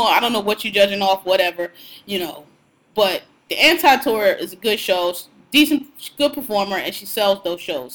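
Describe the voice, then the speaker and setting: A woman's voice: medium pitch, fairly bright tone, rough recording. A young woman co-hosting a podcast, talking in an outspoken, slangy, profane way about music and celebrities. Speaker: podcast co-host. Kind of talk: casual podcast chat.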